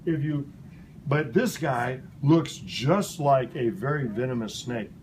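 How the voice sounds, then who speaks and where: A man teaching a lively, playful science lesson to a class of children, asking them questions as he goes. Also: medium pitch, slow, slight background noise. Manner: animated, playful, asks kids questions. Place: elementary school classroom.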